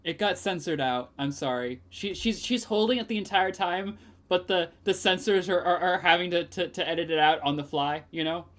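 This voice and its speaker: A woman's voice: lowish voice, moderate pace, fairly bright tone. A woman streamer chatting casually in laughing asides while playing a game. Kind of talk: let's play commentary. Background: game music.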